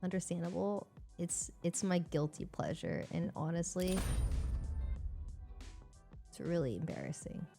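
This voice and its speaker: A young woman streamer chatting casually, animated and expressive, laughing and swearing freely. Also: on the low side, a little slow, creaky, long pauses, faint music behind. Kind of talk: casual live-stream chat.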